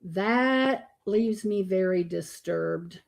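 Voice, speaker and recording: Speaking into a streaming microphone, this Florida livestream host runs a reaction stream where she welcomes viewers by name and talks frankly, swearing a lot and letting out disgusted groans. She has a gravelly, medium-pitched voice and goes very slowly.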